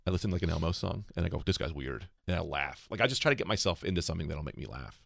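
Low gravelly male comedian, quick and lively storyteller. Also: no room sound, studio quality. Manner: animated storyteller, acts out voices. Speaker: comedian guest. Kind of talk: casual chat.

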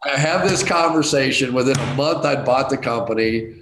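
A middle-aged man telling a casual anecdote as a guest, self-deprecating and animated, jumping to high excited outbursts. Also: moderate pace, background noise. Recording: roomy echo.

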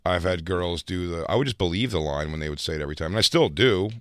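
A man's voice: deep voice, lively intonation, fast, no echo, studio quality. A man guesting on a podcast as a comedian, telling rambling, laid-back anecdotes in casual chat.

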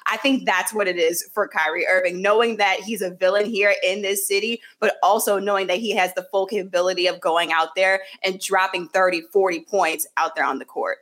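A woman's voice: medium pitch, fairly even intonation, brisk, hardly any pauses, a bit bright. A woman sports reporter giving her analysis and predictions in a fluent, emphatic way, with frequent fillers. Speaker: sports reporter covering a basketball team.

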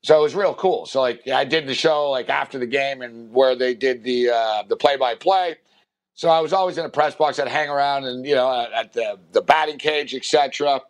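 A man's voice: medium pitch, fairly quick. A man on a talk show telling a long anecdote in a casual, rambling way, full of fillers and restarts. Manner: rambling, filler-heavy, animated impressions in quotes. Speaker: radio show host. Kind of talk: casual storytelling chat.

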